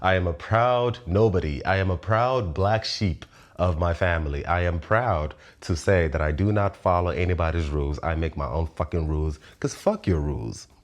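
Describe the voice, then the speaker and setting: Man in his 30s, very deep voice, casual philosophical monologue, frequent laughs, blunt swearing, lively delivery. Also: normal speed. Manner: animated, laughs often, swears freely. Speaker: show host.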